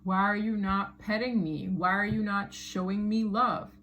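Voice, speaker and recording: A woman voicing a needy pet cat that begs for love and attention in a slow, whiny tone. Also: mid-range voice, fairly even intonation, fairly bright tone, a little hiss or hum. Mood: pleading.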